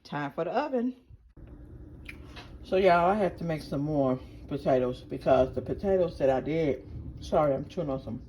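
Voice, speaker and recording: In her home kitchen, a regular cooking vlogger with a deep, mellow voice talks viewers through each step of her cooking in a chatty, casual way. There's slight background noise, including pots and dishes clattering.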